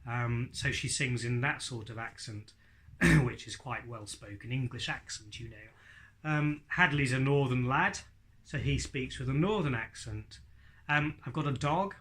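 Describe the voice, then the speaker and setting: Bright-voiced male ventriloquism teacher. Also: mid-range voice, measured pace. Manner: chatty, light-hearted. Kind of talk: instructional talk to camera.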